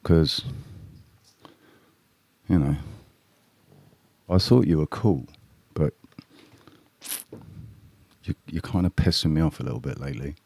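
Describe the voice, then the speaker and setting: A man's voice: very deep voice, slow, creaky, long pauses, a little mellow, slightly rough, no room sound. A man chatting casually on a live stream, rambling and blunt, swearing freely and talking straight to his viewers. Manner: addresses chat viewers directly. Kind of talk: casual livestream chat with viewers.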